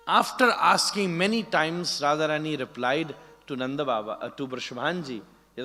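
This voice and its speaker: Preacher in an echoing hall. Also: male voice, on the high side, normal speed, soft background music. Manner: animated, frequent "huh?" prompts to the audience. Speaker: spiritual preacher. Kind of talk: devotional storytelling discourse. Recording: long hall reverb.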